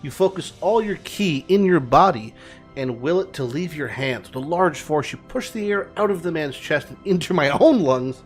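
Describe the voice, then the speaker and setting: A man's voice: fairly high pitch, expressive, normal speed, soft background music. A man casually commenting while playing a text game, joking, swearing and reading the game's text aloud. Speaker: game streamer.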